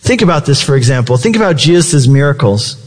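A man's voice: medium pitch, big pitch swings, fast, big-room sound. A male pastor preaching a sermon in a conversational way, asking the congregation rhetorical questions.

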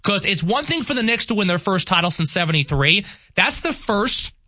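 A man with a New York accent, talking sports as a radio co-host in an animated, enthusiastic way. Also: sits high, moderate pace, no echo.

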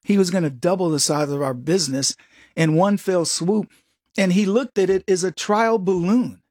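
Here a middle-aged male host delivers opinionated political commentary, wandering off on tangents, dropping sarcastic remarks and weaving in anecdotes. He has a high, somewhat mellow voice at a moderate pace, recorded in a studio with no room sound.

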